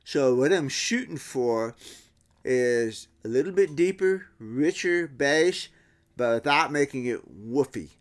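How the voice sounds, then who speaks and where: A man's voice: medium pitch, lively intonation, takes it slowly. A middle-aged man explaining guitar tap tones in a casual workshop talk, imitating the sounds with his voice and often restarting his sentences. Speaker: guitar builder.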